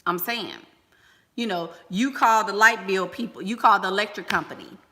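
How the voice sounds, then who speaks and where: A woman's voice: mid-range voice, normal speed, bright, forceful tone, in a large hall. A woman giving life-coaching advice on a livestream, blunt and emphatic, firing rhetorical questions.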